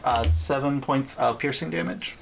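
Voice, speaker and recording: A man's voice: mid-range voice, fairly even intonation, normal speed, gravelly, a little hiss or hum. A man narrating as game master in a casual tabletop session, talking loosely with many fillers and restarts.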